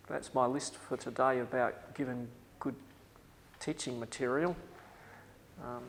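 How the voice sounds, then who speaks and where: A man's voice: mid-range voice, gravelly, long reverb tail, slight background noise, rough recording. A man with an Australian accent giving a workshop lecture to staff, emphatic and repeating his key advice.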